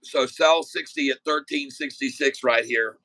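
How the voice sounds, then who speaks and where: A man with a forceful, bright voice talks his way through a live day-trading stream in a loose, folksy way, drifting between stock calls and chatty asides full of fillers. The sound is dry and close, with no room echo. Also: mid-range voice, a little slow. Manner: rambling, folksy, easygoing, many fillers and asides. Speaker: day-trading livestream host. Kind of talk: casual live-stream chat and stock commentary.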